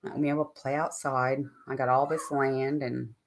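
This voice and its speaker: A woman's voice: very deep voice, little pitch movement, fairly quick. An older woman hosting a live stream, chatting casually and ramblingly with her viewers and answering their comments.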